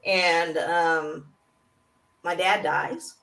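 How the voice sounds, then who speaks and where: Woman telling an animated story. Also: lowish voice, very slow, far from the mic, rough recording. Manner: acts out quoted voices. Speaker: guest.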